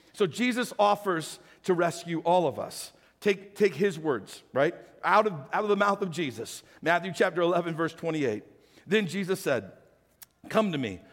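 A male pastor preaching with a high-pitched voice. He moves between loud acted shouting and quiet, low-voiced appeals to the congregation, and his voice carries a long reverb from a large hall. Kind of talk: sermon.

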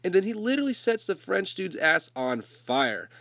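A man's voice: on the high side, expressive, measured pace, fairly bright tone, no room sound. Man with a summer cold, laid-back swearing recap host, dry close sound. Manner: loose, swearing, conversational storytelling. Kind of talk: casual profane movie recap.

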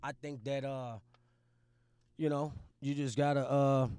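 A man's voice: mid-range voice, level tone, measured pace, a little mellow, clear, resonant tone, no room sound. Guy from Louisiana, profane and blunt, dry close mic, casual podcast storyteller. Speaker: podcast guest.

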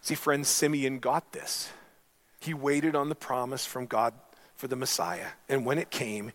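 A man's voice: mid-range voice, fairly even intonation, measured pace, a bit bright. A man preaching a sermon as pastor, telling a story and making earnest appeals to his congregation.

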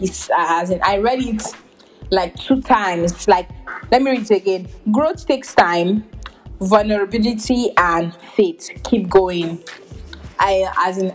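Slow-talking giggly young woman podcaster. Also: medium pitch, poor audio. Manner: giggly, heavy use of filler words, many restarts. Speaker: podcast host. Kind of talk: casual podcast chat.

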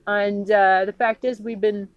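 A woman from the United States in an angry, profane political rant, indignant and halting, with many restarts. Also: medium pitch, level tone, no echo, lo-fi sound.

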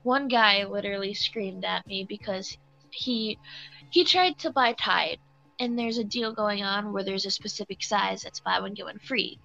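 A woman's voice: mid-range voice, moderate pace, creaky, sharp tone, muffled recording, faint music behind. A young woman who works as a cashier, telling a story in casual chat, acting out customers and laughing along.

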